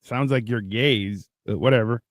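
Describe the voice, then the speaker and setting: A man's voice: medium pitch, moderate pace, dry recording, studio quality. Crude joking male stream host. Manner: joking, mocking, swears a lot. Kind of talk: casual crude banter.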